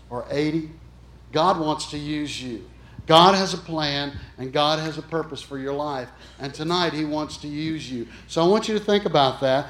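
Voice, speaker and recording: A man's voice: fairly high pitch, a bit bright. A man preaching an emphatic storytelling sermon, speaking earnestly and directly to his congregation. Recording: echoey room.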